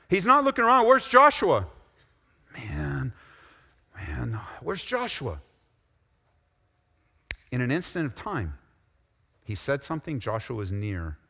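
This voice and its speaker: A man preaching a sermon as a pastor, animated, acting out squabbling voices and dropping into soft, intense asides. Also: lowish voice. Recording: reverberant hall.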